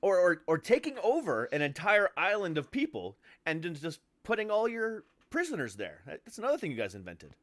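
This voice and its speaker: A man's voice: high-pitched, huge pitch swings, fairly quick, few pauses, a bit bright, no echo. A man hosting a podcast interview, joking and laughing in casual banter with a habit of swearing. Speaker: podcast host.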